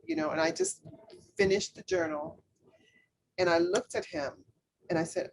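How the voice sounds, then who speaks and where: Woman guest on a podcast, kinda low voice, lots of ums and restarts, earnest. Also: big pitch swings, vocal fry, a little hiss or hum. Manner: halting, with many fillers and restarts; earnest, speaks openly about faith. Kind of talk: personal storytelling in an interview.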